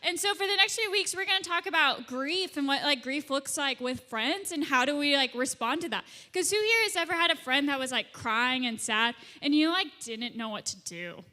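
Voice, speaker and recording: Bright, high-voiced young woman. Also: lively intonation, normal speed, hardly any pauses. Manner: chatty, playful, acts out scenes. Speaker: youth leader. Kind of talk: youth group talk. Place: church youth room. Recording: reverberant hall.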